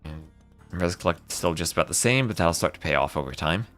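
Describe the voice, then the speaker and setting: A man's voice: low-pitched, expressive, brisk, fairly bright tone, soft background music. A man casting a live strategy game match, calling plays and chatting with viewers between fights. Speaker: esports caster.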